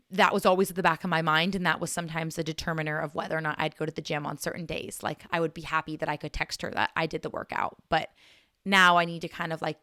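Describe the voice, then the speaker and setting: Earnest young woman podcaster, low voice. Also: a bit bright, dry recording, clean studio sound. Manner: earnest, rambling, sentimental. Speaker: podcast host. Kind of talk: casual solo podcast talk.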